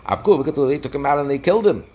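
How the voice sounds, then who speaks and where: A man's voice: fairly high pitch, lively intonation, normal speed, warm tone, husky. A man teaching a daily Talmud lesson, retelling the story with passion and mixing in Hebrew phrases. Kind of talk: daf lesson.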